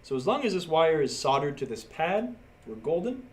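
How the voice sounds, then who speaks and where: At his workbench, a man livestreams a pinball circuit board repair, casually narrating each step as he works and reading viewers' chat. His voice is fairly high with big swings in pitch, and he talks at a normal speed.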